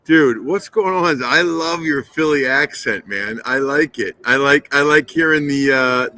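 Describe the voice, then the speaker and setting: A middle-aged man, a guest on a sports podcast, chatting casually and telling stories in a relaxed way. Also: a little high. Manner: relaxed, storytelling. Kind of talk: casual chat.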